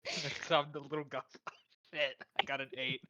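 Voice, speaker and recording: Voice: medium pitch, flat delivery, a little slow, bright, forceful tone. A player chatting casually during a tabletop game, laughing and swearing. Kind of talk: casual chat. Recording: dull lo-fi mic.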